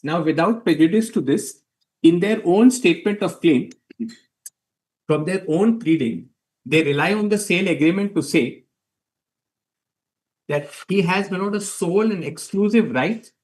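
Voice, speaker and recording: A man's voice: high voice, a little slow, pauses often, a little mellow. Deferential advocate, man. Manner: deferential, addresses the bench as my lord, numbered points. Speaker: advocate arguing before a court. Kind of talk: formal courtroom argument.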